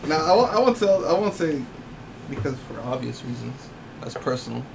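A man's voice: mid-range voice, normal speed, creaky, background noise. A man casually telling a personal story to friends, laughing often and swearing freely. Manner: laughing, profane, animated storyteller.

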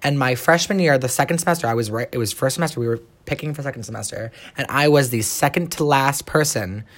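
A man's voice: mid-range voice, fast talker, fairly bright tone. A man in his twenties, a college student co-hosting a podcast, talking in a dramatic, theatrical way. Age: 20s. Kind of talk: casual chat.

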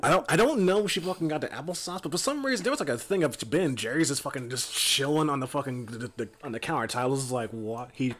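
A man's voice: mid-range voice, expressive, quick pace, few pauses, fairly bright tone. A man, co-host of a podcast, telling a story in a rambling casual chat, swearing and laughing as he goes. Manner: rambling, profane, laughs while telling stories.

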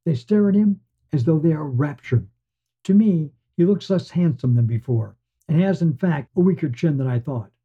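Male podcast narrator, measured and wistful, very mellow dark tone, husky, dull lo-fi recording. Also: a little high, expressive. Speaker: podcast storyteller. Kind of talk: scripted first-person story narration. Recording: dull lo-fi sound.

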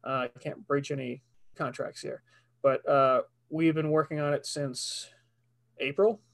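A man's voice: on the high side, fairly even intonation, measured pace, gravelly. A man who works as a voice actor, talking casually as a podcast guest in a rambling, filler-heavy way.

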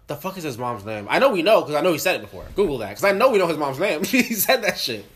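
A young man riffing fast in a casual podcast chat, with a fairly high voice. He is animated and profane, and keeps acting out voices as he tells his stories. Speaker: podcast co-host.

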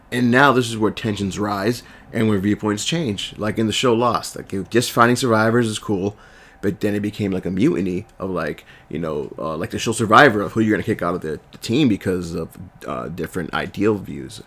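Male podcast host, raspy from a cold, lowish voice, loose rambling delivery. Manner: rambling, with fillers and self-corrections. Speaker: podcast host reviewing a TV series. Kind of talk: casual solo review podcast.

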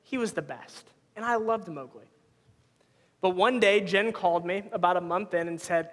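High-voiced man preaching in a reverberant hall. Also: moderate pace. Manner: conversational, storytelling with personal anecdotes. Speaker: pastor. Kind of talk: sermon.

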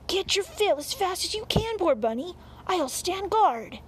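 A woman voicing an anxious, loyal family dog in a storybook reading, shouting urgent warnings. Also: very high voice, very animated, a little slow, slight background noise, voice pushed up, full character voice.

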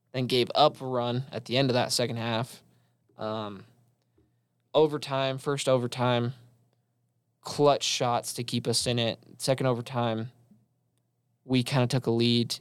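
A man's voice: medium pitch, clean tone, no room sound. A young man co-hosting a college sports talk show, recapping games in a loose, casual way with lots of fillers. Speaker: college sports podcast co-host.

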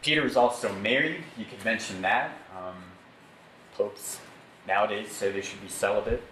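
A man's voice: on the low side, moderate pace, fairly bright tone. A man leading a Bible study with slides, teaching conversationally and asking the group for amens. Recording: echoey room, faint background noise.

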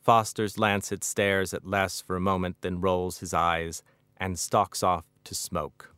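A middle-aged man, the author, reading his own novel aloud in a measured, wry narration. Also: deep voice, flat delivery, fairly bright tone, smooth, dry recording.

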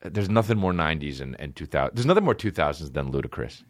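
A man's voice: a bass voice, expressive, fast. A man hosting a comedy podcast, riffing in a rambling, profane, jokey way. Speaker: podcast host.

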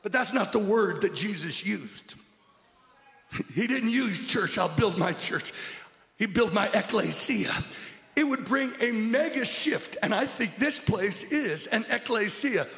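High-pitched preacher in an echoing hall. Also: male voice, expressive, measured pace, gravelly, soft background music. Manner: emphatic, stammers and repeats words, swings from shouting to hushed. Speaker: guest preacher. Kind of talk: sermon. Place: church service.

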